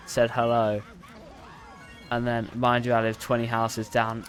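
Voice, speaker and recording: Guy streaming a racing game, slow rambly talk to chat, keeps cutting himself off, faint music behind. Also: medium pitch, completely flat delivery. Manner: rambling, self-interrupting, talks to chat; bursts into loud repeated "no, no" while playing. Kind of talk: casual live-stream chat while gaming.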